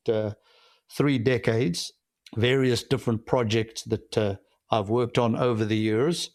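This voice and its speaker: A middle-aged man with a South African accent answers interview questions in a measured, reflective way, pausing now and then to find his words. His voice sits at an ordinary pitch for a man. The recording is dry and close, with no room sound. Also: darkish tone, dry recording. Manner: measured and reflective, with frequent "uh" pauses. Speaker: guest, company founder and CEO.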